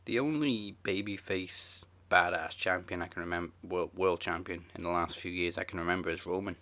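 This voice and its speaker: Deep-voiced, laid-back male host. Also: steady tone, a little fast, sharp tone. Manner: laid-back, moves the show along. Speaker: podcast host. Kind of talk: casual wrestling chat.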